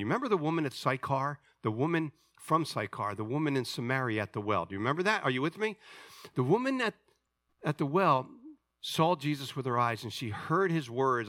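Guy pastor preaching to his church, kinda high voice, bright and punchy, asks the room if they're with him. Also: sing-song, moderate pace, no echo, studio quality. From United States. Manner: preaching with rising intensity and direct questions to the congregation; drops to a quiet, low voice in prayer. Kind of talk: sermon. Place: church sanctuary.

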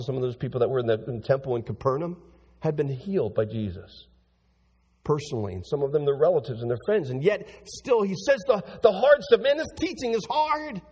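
A man preaching a sermon as pastor, swinging from hushed, low passages to loud, high-pitched bursts as he reads and explains scripture. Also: brisk, husky, long reverb tail. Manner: animated preaching with big swings in pitch and loudness.

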